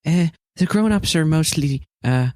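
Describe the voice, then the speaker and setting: An eager young Irish lad who serves at a temple, as a man puts him on for a tabletop game. He talks haltingly, fills his speech with "uh", and sits higher than a grown man's voice, recorded close and dry with no room sound. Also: lively intonation, darkish tone, no echo. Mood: earnest. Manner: halting, full of "uh" fillers, eager to please. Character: young Irish boy servant at a temple, earnest.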